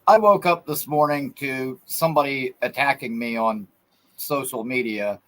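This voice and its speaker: A man calling in to a sports show, earnest and halting, with frequent restarts. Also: mid-range voice, fairly bright tone. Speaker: caller. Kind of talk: phone-in call.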